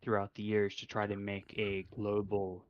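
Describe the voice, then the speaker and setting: A young man with a fairly low voice talks his thoughts through in a rambling podcast chat, full of "like" and "I mean". The recording sounds dull and lo-fi. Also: monotone, normal speed, a little hiss or hum. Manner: rambling, many fillers, reflective. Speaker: podcast co-host. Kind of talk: casual chat.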